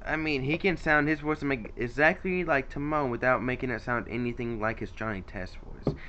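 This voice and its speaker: A man's voice: mid-range voice, a little fast, pushed and bright, muffled recording, slight background noise. A man casually rambling about his favorite voice actors in an unscripted vlog, with lots of fillers and restarts. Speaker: YouTuber ranking voice actors.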